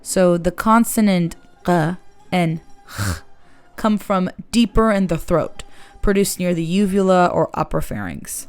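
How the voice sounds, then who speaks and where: Woman, accent coach, lowish voice, smooth and clear, calm, measured lesson delivery. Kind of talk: explanatory lesson narration.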